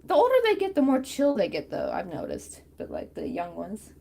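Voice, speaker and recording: A woman's voice: medium pitch, huge pitch swings, fairly quick, creaky, dark tone, slight background noise. A woman chatting casually and rambling with many fillers while she crochets on a stream.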